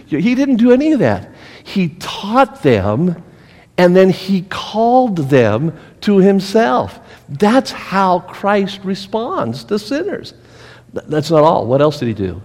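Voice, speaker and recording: A middle-aged man teaching a Bible study as pastor, animated and asking his listeners questions. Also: high voice, slow, in a large hall. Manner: animated, asks the group questions, acts out scolding voices.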